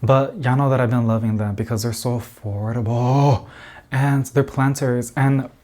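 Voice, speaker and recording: A man's voice: medium pitch, steady tone, normal speed, a little mellow. A man chatting casually to camera as a plant vlogger in an indoor plant room, rambling with lots of fillers and little laughs.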